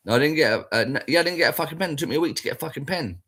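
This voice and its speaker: Brief: man, husky voice, blunt and foul-mouthed, rambling and repetitive. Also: medium pitch, lively intonation, very fast, hardly any pauses, fairly bright tone. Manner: sweary, blunt and rambling, repeats himself. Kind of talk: casual spoken rant.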